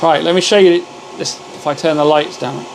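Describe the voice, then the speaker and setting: Brief: male live-stream host, relaxed chatty delivery, friendly greetings to viewers, clear background machine noise. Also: a little high, moderate pace. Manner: chatty, greets viewers and calls them mate. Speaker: livestream host. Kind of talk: casual live-stream chat. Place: home workshop with laser machines.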